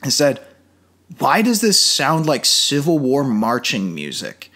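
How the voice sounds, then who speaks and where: A man's voice: medium pitch, slow, a little hiss or hum. A man co-hosting a casual movie review podcast, joking and slipping into silly voices. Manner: animated, jokey, does funny voices. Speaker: podcast co-host.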